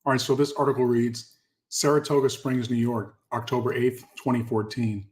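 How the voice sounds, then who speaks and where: A man's voice: medium pitch, little pitch movement, moderate pace, darkish tone. A man hosting his own channel, reading passages aloud and commenting on them emphatically. He repeats key words and speaks directly to his viewers. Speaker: channel host.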